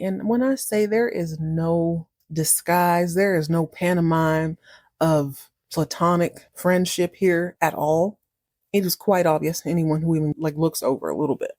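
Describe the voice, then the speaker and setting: A woman host recaps a soap episode in an animated, indignant, conversational way. Her voice is fairly low and mellow. The recording is close and dry. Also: a little slow, dry recording. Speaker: podcast host.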